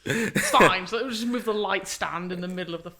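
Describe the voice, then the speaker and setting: A woman's voice: medium pitch, fast talker, a crowd in the background. A young woman, a podcast guest chatting casually and acting out her stories with lots of laughter. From England. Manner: animated storyteller, laughing, acting out quotes. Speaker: podcast guest, wedding photographer. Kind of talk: casual chat.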